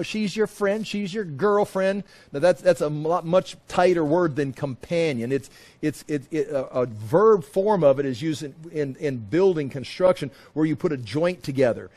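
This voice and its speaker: A man's voice: on the high side, mellow. A man teaching a Bible passage verse by verse in a conversational way, often restarting and repeating phrases and acting out quoted voices.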